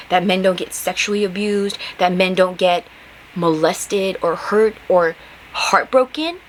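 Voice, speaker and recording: Young woman host, casual exasperated monologue, mid-pitched, faint background hiss. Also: low-quality recording. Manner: heated, exasperated, many fillers and rhetorical questions. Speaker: podcast host.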